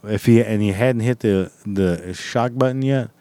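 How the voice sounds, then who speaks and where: A man's voice: lowish voice, unhurried, warm tone, no room sound. A man telling a rambling story in a blunt, heavily profane, casual way.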